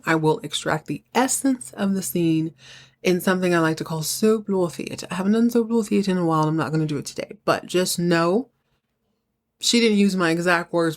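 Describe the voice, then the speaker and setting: A woman hosts a podcast and recaps a TV episode as a comic story. She talks in an animated, chatty way and laughs often. Her voice sits somewhat low. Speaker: podcast host.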